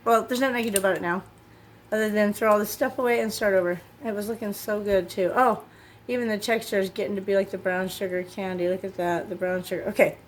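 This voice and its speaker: A woman's voice: medium pitch, fairly even intonation, fast talker, a little hiss or hum. A woman chatting casually in her home kitchen while cooking, thinking aloud and getting easily exasperated. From Utah. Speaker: cooking vlogger.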